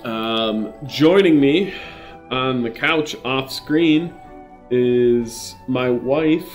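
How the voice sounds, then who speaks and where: Slow, dry-joking male game host. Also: medium pitch, faint music behind. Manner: dry, self-mocking jokes. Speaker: gameplay host. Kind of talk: casual let's-play commentary.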